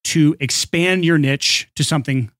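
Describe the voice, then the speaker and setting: A man's voice: on the high side, unhurried, fairly bright tone, dry recording, clean studio sound. A man co-hosting a podcast, reading an upbeat ad and then chatting casually and joking with his co-host. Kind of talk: casual podcast chat and read ad.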